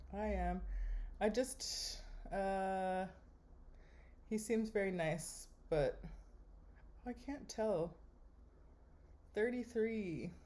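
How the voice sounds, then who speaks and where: Wry, slow-talking young woman. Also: mid-range voice, slight background noise. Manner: wry, deadpan running commentary. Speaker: vlogger. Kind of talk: casual chat while swiping a dating app.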